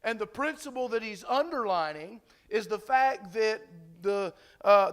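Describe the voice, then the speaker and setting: This pastor's voice is high and fairly bright, animated yet a little slow, with hardly any pauses. He delivers his sermon casually, stumbling through fillers and restarts while questioning the congregation.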